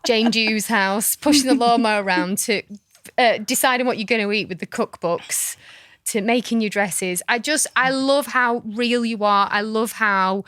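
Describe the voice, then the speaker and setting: A woman's voice: on the high side, normal speed, fairly bright tone, smooth. Bubbly woman co-host. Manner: bubbly, enthusiastic, laughs often. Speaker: podcast co-host. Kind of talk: casual chat.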